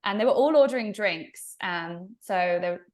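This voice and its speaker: A young woman with an English accent, a podcast guest telling animated stories in a casual interview and laughing often. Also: medium pitch, normal speed. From England.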